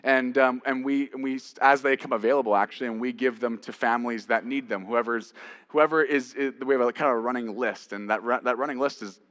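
A man preaching a sermon as pastor, rising to emphatic peaks and dropping to a quiet storytelling voice. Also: medium pitch, steady tone, a little fast, dry recording, clean studio sound.

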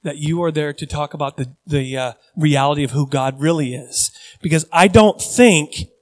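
Middle-aged pastor, earnest sermon delivery, slightly high voice, builds to emphatic refrains. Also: male voice, moderate pace.

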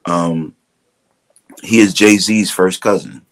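A man's voice: deep voice, takes it slowly. A middle-aged man with a Brooklyn accent, a drummer telling stories as a guest, acting out quotes and laughing often. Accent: Brooklyn New York. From Brooklyn, New York. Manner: relaxed storyteller, acts out quotes, laughs often. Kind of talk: casual storytelling interview.

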